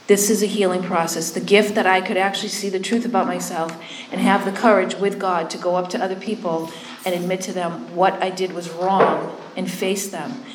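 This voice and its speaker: A woman with a lowish voice tells her recovery story as personal testimony, candid and self-deprecating, often checking in with listeners with a conversational "right?". The room is echoey, and there's a little hiss or hum.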